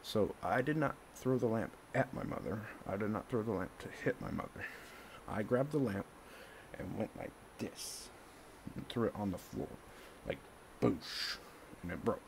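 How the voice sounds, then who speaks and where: A man speaks straight to the camera in a loose, casual monologue. His voice sits low and gravelly, and he keeps circling back over the same words in an agitated way. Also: animated, moderate pace, slight background noise. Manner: agitated, repeats himself. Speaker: vlogger.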